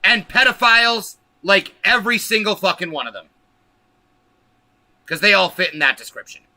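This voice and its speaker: A man's voice: sits high, very animated, normal speed, bright, forceful tone, dry recording. A man hosting a political livestream, ranting angrily and emphatically with lots of profanity. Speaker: livestream host.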